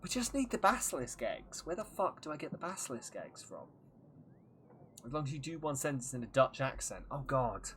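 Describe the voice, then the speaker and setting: A man's voice: medium pitch, sing-song, normal speed, fairly bright tone, a little hiss or hum. A man casually commenting while streaming a game, rambling and joking with frequent laughs. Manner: rambling, jokey, laughs often.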